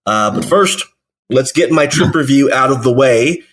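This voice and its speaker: A man's voice: medium pitch, normal speed, fairly bright tone. A man hosting a theme park podcast, telling a trip story in upbeat casual chat. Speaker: podcast host.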